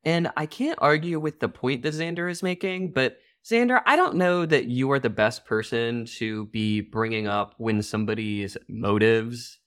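A podcast co-host in casual chat, wry and joking, quick to agree. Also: medium pitch, a bit bright.

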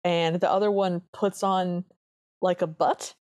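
A woman's voice: lowish voice, steady tone, darkish tone, dry recording, clean studio sound. A woman co-hosting a podcast, reviewing an old cartoon in an earnest, chatty way. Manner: chatty, earnest, quick asides. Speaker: podcast co-host. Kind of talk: casual review chat.

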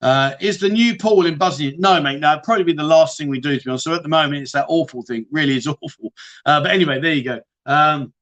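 A British man hosting a casual livestream chat, reading viewer questions aloud and answering them one by one. His voice sits high for a man, and he talks in a chatty, matey way, calling his viewers "mate". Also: quick pace, a bit bright. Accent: British English. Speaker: livestream host.

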